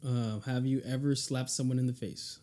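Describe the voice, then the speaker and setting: A young man hosting a podcast, firing off quick questions in a playful way and laughing often. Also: mid-range voice, flat delivery, dark tone. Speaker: podcast host. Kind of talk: casual rapid-fire question game.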